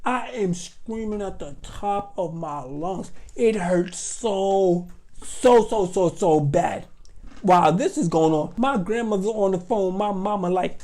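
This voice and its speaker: Man, comic storytime vlogger, animated and dramatic, slangy, sudden outbursts. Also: sits high, slow.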